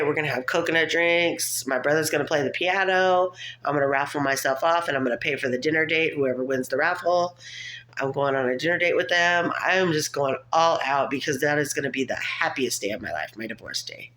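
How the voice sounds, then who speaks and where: A woman's voice: low voice, brisk, a bit bright. Chatty rambling woman vlogger. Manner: chatty, rambling, laughs often. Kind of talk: casual rambling monologue.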